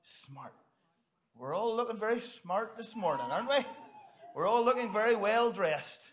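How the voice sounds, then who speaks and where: Upbeat jokey man, high voice. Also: animated, moderate pace, slight background noise. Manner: jokey, upbeat, directing volunteers. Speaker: pastor. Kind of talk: children's talk in church.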